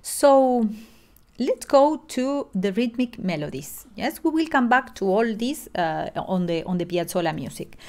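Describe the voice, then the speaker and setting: A woman's voice: a little high, animated, a little slow, a little mellow. Middle-aged woman; online lesson delivery, patient, explanatory, many restarts. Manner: explanatory, with frequent fillers and restarts. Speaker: music lecturer.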